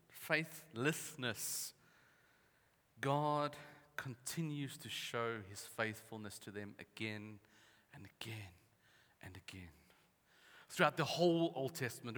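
A man preaching a lively sermon, acting out the voices of the people in his stories. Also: mid-range voice. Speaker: pastor. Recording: reverberant hall.

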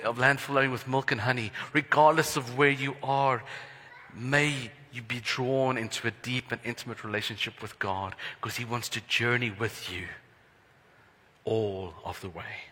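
A man pastor preaching a sermon in an earnest, prayerful way, letting his phrases trail off softly. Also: mid-range voice, breathy edge. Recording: long hall reverb.

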